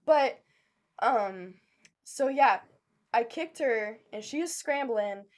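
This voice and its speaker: A woman with a fairly high voice co-hosts a casual podcast chat. She tells her story bluntly and with lots of swearing, in an animated, unfiltered way. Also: slow pace. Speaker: podcast co-host.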